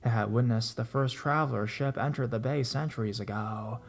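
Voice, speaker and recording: A man's voice: medium pitch, normal speed, creaky. Man narrating true scary stories. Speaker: horror story narrator. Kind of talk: scripted narration of reader stories.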